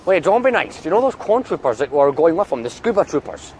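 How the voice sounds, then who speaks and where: A man talks casually to the camera out in town, his slightly high voice swinging up and down as he vents. He swears constantly. Faint street noise sits behind him. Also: big pitch swings, fast, darkish tone. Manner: angry swearing rant. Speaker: vlogger. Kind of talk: casual vlog chat.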